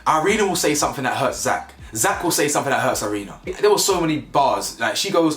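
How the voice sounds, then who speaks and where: A man's voice: medium pitch, animated, fast, hardly any pauses, a bit bright. A young man reviewing a reality show in an emphatic, slangy rant, repeating words for stress. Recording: echoey room with faint music.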